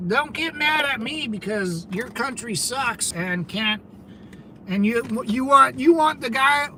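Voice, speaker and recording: Brash high-voiced man ranting on a stream. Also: bright, forceful tone, slight background noise, rough recording. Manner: brash, combative, mocking. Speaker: channel host reading live chat. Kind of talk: casual livestream chat.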